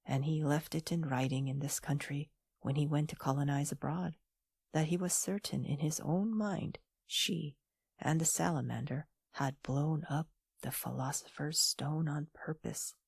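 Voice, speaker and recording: Husky, whispery woman narrating softly. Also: low-pitched, steady tone, unhurried, no echo, studio quality. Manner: gentle, hushed, near-whispered. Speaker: audiobook narrator. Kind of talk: soft whispery audiobook narration.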